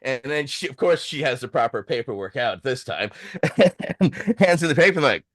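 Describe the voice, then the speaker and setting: A man spins a long anecdote in loose podcast chat, cursing freely and slipping into the voices of the people in his story. His pitch leaps high and drops low as he acts things out. The sound is dry and close, with no room around him. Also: normal speed, no room sound. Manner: animated, profane, acts out quoted voices.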